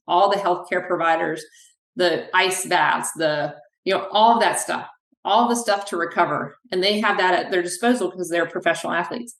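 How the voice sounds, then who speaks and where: A woman physical therapist talking in a podcast interview, telling animated stories from her clinic. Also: lowish voice, normal speed. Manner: animated, acts out quoted dialogue. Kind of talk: podcast interview, conversational storytelling. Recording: echoey room.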